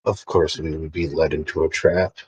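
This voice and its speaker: A man's voice: very deep voice, level tone, moderate pace. A man playing in a tabletop game, chatting casually with wry, questioning remarks. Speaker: player.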